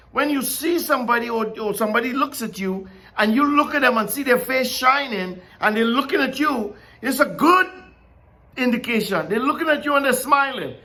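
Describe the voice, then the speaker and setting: A man's voice: very high voice, bright, forceful tone. A man giving an informal Bible teaching. He talks in a conversational way, asks many questions and laughs often. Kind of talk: informal sermon.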